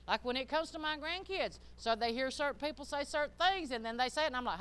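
An older woman preaches in a folksy, emphatic way, dropping to a hush and then rising loud again. Her voice sits fairly high and rings bright and smooth. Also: animated, quick pace, few pauses. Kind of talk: sermon.

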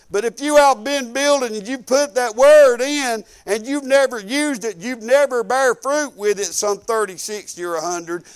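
An older male pastor with an extremely high, clear and resonant voice delivers a storytelling sermon. His folksy, animated tales come with acted-out quotes.

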